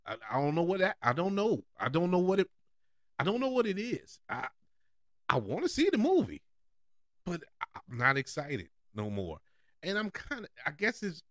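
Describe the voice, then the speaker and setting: A man's voice: mid-range voice, no room sound, studio quality. A man hosting a casual movie preview show, chatty and often laughing. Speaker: podcast host.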